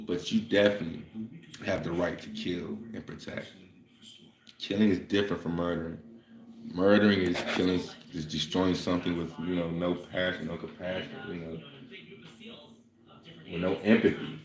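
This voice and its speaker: A man's voice: low voice, flat delivery, moderate pace, long pauses, a crowd in the background. A man in a casual monologue, ranting in a profane, fired-up way. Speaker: vlogger. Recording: roomy echo.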